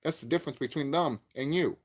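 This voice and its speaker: Speaking fast with a breathy edge, a male YouTube gaming commentator unloads a cursing, repetitive tirade about a game in his vlog. His pitch swings energetically, getting high and loud as his anger builds.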